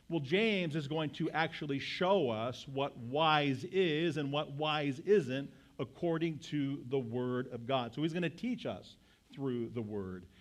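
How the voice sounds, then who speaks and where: A male pastor preaching a sermon to his congregation, emphatic and full of rhetorical questions. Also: mid-range voice.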